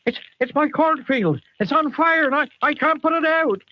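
A man's voice: lively intonation, moderate pace. A man voicing a worried, stammering farmer with a West Country accent, raised far above his own voice. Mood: panicked. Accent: West Country English. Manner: stammering, high-strung. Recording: dull lo-fi sound.

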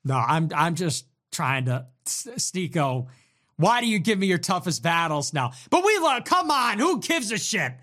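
A man hosts a casual livestream into a desk mic, his voice pitched high for a man and swinging widely up and down. His tone is bright and forceful, full of sarcastic, provocative jabs as he reacts to chat. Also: a little slow. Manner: animated, sarcastic, provocative, jokey. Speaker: livestream host reading donations.

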